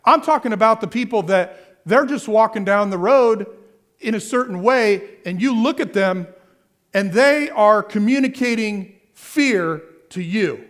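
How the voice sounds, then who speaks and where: A man's voice: high-pitched, animated, a little slow. A man preaching a sermon as pastor, asking the crowd questions and answering them himself, repeating key phrases. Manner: repetitive, asks the crowd questions then answers.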